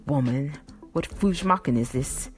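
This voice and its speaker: A woman voicing an obsessed middle-aged whaling captain who speaks in gruff New England dialect, commanding and then pleading. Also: low-pitched, normal speed, a little mellow, faint music behind, close to an everyday voice. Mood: alarmed.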